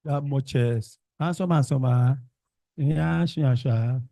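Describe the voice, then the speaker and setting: A man's voice: mid-range voice, slow, creaky, mellow, dry recording. A man with a Nigerian accent teaching an exam-prep class, firing call-and-response questions and repeating words for his students.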